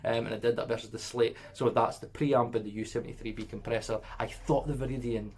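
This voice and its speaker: A man's voice: mid-range voice, fairly even intonation, fast, a little mellow. A man hosting a casual review vlog, talking in a rambling, chatty way with lots of asides and tag questions, and laughing between words. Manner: laughs mid-sentence. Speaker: audio plugin reviewer, channel host.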